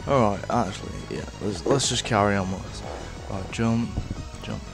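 A young man rambling casually through a let's-play of a game on a headset mic, with lots of fillers and sudden shouts of frustration. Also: on the low side, normal speed, vocal fry, over music. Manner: rambling, filler-heavy, bursts into rage shouts. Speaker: gaming video host.

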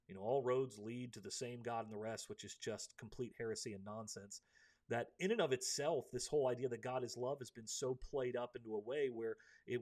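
A man hosting a live faith-based book discussion, earnest and preachy, with many ums and restarts. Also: medium pitch.

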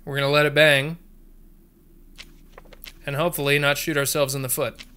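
A man's voice: a little high, level tone, normal speed, sharp tone, smooth. A man doing joking horror game commentary, talking to viewers and muttering codes under his breath. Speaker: gaming video creator.

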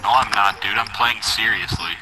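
A man's voice: on the low side, moderate pace, bright, forceful tone, rough recording. A man trolling teammates in game voice chat, mock-innocent and sarcastic. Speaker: gamer in voice chat.

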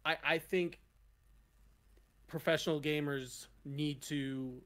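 A man's voice: fairly high pitch, steady tone, takes it slowly, a bit bright. A young man talking in a casual podcast chat, hesitant and full of restarts and "like.".

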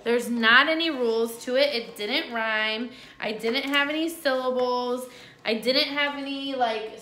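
A cheerful woman teacher talks young children through a lesson, chatty and encouraging. Her voice sits a little high and sounds bright, and she takes her time. The room around her rings with echo. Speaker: second-grade teacher. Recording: echoey room.

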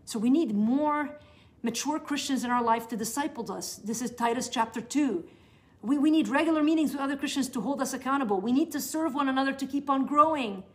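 A woman's voice: sits high, a little fast, a little mellow. A middle-aged woman giving a teaching session to new believers, talking in an earnest, conversational way with frequent restarts. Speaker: Bible teacher.

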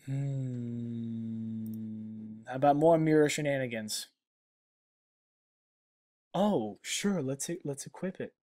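A man's voice: medium pitch, slow pace, long pauses, dark tone, faint music behind. A man hosting a let's play, reacting to the game with sarcastic jokes and the odd curse. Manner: sarcastic, joking, swearing. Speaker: gaming channel host.

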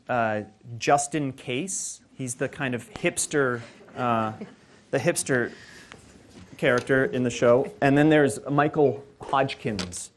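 A young adult man, an actor and playwright, chatting in an interview and acting out quotes as he tells stories. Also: medium pitch. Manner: animated storyteller, acts out quotes. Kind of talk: casual interview chat.

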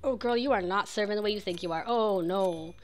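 A young woman chatting excitedly while streaming a video game, full of "like" and quick reactions. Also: medium pitch, faint music behind. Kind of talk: casual game streaming chat.

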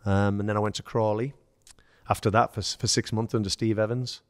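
English ex-footballer guest, low dry voice, anecdotal and animated. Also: male voice, brisk, no room sound. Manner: storytelling, acts out quoted dialogue, laughs. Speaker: former footballer, podcast guest. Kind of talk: casual anecdote telling.

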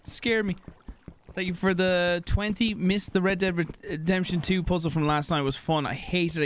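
A young Irish streamer talks loosely into his desk mic as he plays, swearing freely and thanking viewers for their donations. His voice sits a little high for a man. Mouse clicks and a steady background noise run under everything he says. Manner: rambling, swearing, reads out donations. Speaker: live streamer. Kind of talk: casual live-stream chat while gaming.

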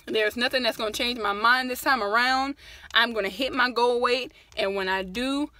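Woman, fitness vlogger, tired post-workout chatter, higher bright voice. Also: normal speed. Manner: chatty, rambling, encouraging, says "y'all". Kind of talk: casual chat to camera. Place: parked truck.

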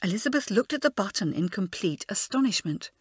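A woman narrating a children's audiobook with expressive storytelling. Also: medium pitch, a little fast, slightly rough, no echo, studio quality. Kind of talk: scripted narration.

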